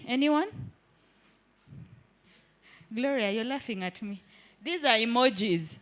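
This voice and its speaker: A woman's voice: on the high side, expressive, slow pace, pauses often, a bit bright. A woman teaching a live hands-on workshop in an indoor training room, keeps checking that the group follows. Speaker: digital skills trainer.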